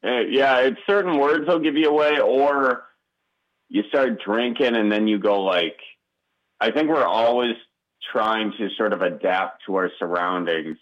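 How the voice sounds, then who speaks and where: Low-voiced man with a Wisconsin accent. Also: lo-fi sound. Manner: halting, many restarts and fillers. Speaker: comedian guest. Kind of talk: casual interview talk.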